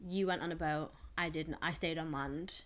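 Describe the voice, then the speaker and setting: A young woman with a slightly nasal voice, co-hosting a podcast in casual chat, chatty and quick to repeat words. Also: deep voice, fairly even intonation, crowd noise. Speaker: podcast co-host.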